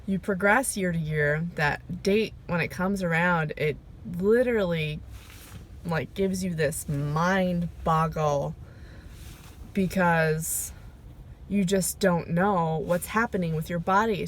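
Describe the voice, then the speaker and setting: A woman recording a personal video diary, talking reflectively and emotionally, pausing often with fillers as she goes. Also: lowish voice, a bit bright. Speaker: vlogger. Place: sitting in her car. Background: rain.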